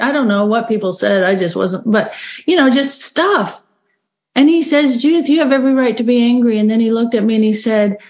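A middle-aged American woman telling her recovery story in an earnest, halting way, with many restarts and fillers. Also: a little high, a little mellow. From United States. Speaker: recovery speaker. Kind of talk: personal recovery share.

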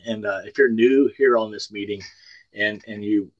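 A man's voice: on the low side, steady tone, moderate pace, dry recording, lo-fi sound. A man in his sixties from the Ozark Mountains tells his recovery story at a meeting over a video call, in a folksy, plainspoken way with dry humor. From Ozark Mountains, United States. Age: 60s. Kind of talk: personal testimony at a recovery meeting.

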